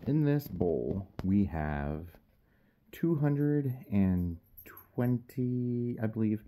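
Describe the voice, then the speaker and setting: A man's voice: on the low side, animated, drawn-out words, mellow. A man who is a powerlifter and audiobook narrator, talking in a casual vlog with a wry, joking, self-deprecating manner.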